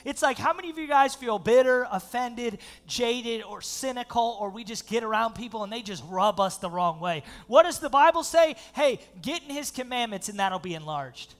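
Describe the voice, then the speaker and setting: A male pastor preaching a sermon, reading scripture aloud and breaking into animated, laughing asides. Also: very high voice, moderate pace, hardly any pauses.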